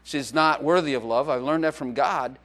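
A man's voice: mid-range voice, moderate pace, a bit bright. A man preaching as a pastor in a church, in a joking, conversational way with playful acted quotes. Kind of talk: sermon.

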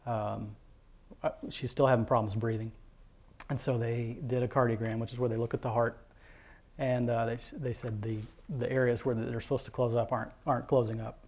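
A man earnestly telling a personal faith testimony as a father, halting, with many fillers and restarts. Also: mid-range voice, little pitch movement, a little mellow. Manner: heartfelt, devout storytelling.

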